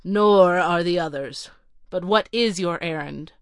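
A woman reading a storybook voicing a weary male butler who loudly reels off refusals. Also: fairly low pitch, measured pace, clear, resonant tone, no echo, clean studio sound. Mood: curt. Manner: loud, flat, listing refusals. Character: stiff, weary male butler of a wealthy house.

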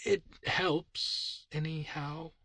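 A man's voice: a little high, big pitch swings, a little slow, slightly rough, no room sound, pitched above the performer's own voice, heavily acted. A man voicing a timid, anxious little man in a read-aloud story, lifting his voice nervously. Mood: muttering.

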